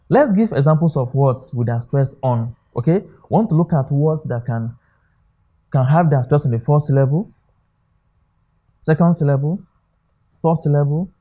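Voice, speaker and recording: A man's voice: on the high side, normal speed, long pauses, dark tone. A man with a Nigerian English accent teaching an exam-prep lesson, often asking rhetorical questions and checking "okay?". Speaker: English tutor.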